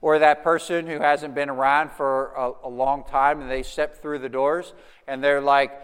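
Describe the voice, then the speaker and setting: A man's voice: a little high, moderate pace, clear, resonant tone, in a large hall. A man preaching a sermon as pastor, talking in a loose, conversational way with frequent restarts. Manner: conversational, animated storytelling with restarts.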